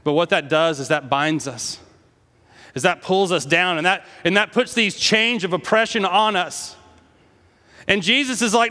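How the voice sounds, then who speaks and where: A pastor from the United States preaching a sermon with impassioned delivery, swinging between hushed tones and raised, quoted lines. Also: male voice, sits high, a little slow, in a large hall.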